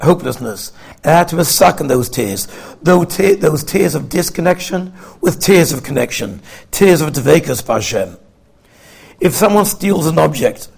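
A man delivers a sermon in an earnest, explaining tone. His voice sits a little high and has a husky, gravelly grain. He pauses to translate phrases for his listeners. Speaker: rabbi giving a Torah talk.

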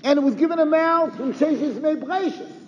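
A man's voice: extremely high pitch, fairly quick. A man giving a Torah lecture, firing off rhetorical questions and sprinkling in Yiddish and Hebrew terms. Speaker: Torah teacher. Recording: roomy reverb, dull lo-fi sound, faint noise.

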